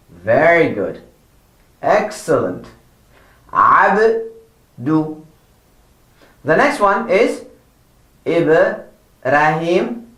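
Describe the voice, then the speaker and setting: A man with a fairly high voice gives a slow, patient lesson for children, stretching out each word so they can copy it. He corrects mistakes again and again and cheers them on. The sound carries an echo from the room. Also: a bit bright. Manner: drawn-out model words, repeated corrections, encouraging praise. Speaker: Quran recitation teacher.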